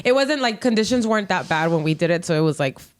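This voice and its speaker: A woman co-host chatting casually, relaxed and using a lot of filler "like". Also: on the low side, fast talker, a little hiss or hum. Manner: relaxed, lots of "like", short backchannel replies. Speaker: podcast co-host. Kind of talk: casual chat.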